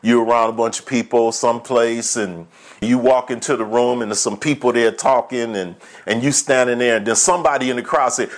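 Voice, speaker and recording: Pastor, male, mid-range voice, conversational sermon style, unhurried when reading verses. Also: medium pitch, fairly even intonation. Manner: conversational preaching, slow deliberate scripture reading; folksy, chuckles through his stories.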